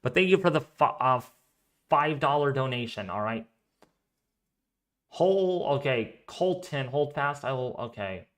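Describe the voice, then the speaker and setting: A man's voice: mid-range voice, expressive, measured pace, pauses often, fairly bright tone. Chatty man hosting a weather live stream. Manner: chatty and rambling, thinking aloud. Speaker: weather livestream host. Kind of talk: casual live-stream chat reading donations.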